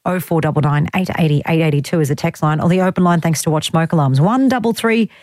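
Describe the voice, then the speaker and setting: A woman's voice: low-pitched, quick pace, a little mellow, no echo, studio quality. An Australian woman hosting a radio show, chatting casually with rambling, self-deprecating asides. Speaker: radio host. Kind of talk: casual talk radio chat. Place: radio studio. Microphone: studio microphone.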